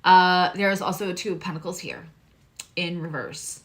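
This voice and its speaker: A woman hosting a live tarot and astrology reading in a chatty, candid way, swearing freely and now and then dropping into hushed asides. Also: on the low side, steady tone, moderate pace, background noise.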